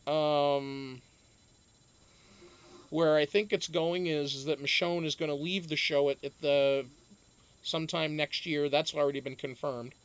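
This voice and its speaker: A man hosting a casual live stream, chatting to viewers in a rambling way full of fillers, with sudden animated outbursts. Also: on the high side, measured pace, clean tone.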